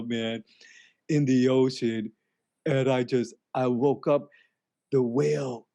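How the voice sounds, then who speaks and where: A man's voice: a little high, dark tone. A man telling a comedic story in a spaced-out, rambling way, drawing out "man" and restarting his sentences. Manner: dreamy and rambling, drawn-out "man" and trailing restarts.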